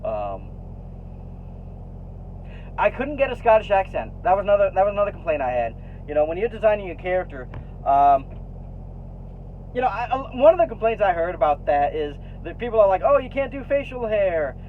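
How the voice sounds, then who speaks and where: A man's voice: sits high, sing-song, fairly quick, long pauses. A man vlogging in a casual, rambling way, full of fillers and restarts, and frank enough to swear when annoyed. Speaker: vlogger sharing opinions. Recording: tinny phone-like sound with faint noise.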